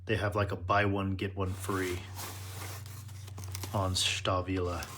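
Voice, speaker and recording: Man, unboxing vlog host, chatty, nerdy, slow-paced, a bit low-pitched. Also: little pitch movement, very noisy. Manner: chatty, nerdy, self-correcting. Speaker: tool channel host. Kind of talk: casual unboxing chat.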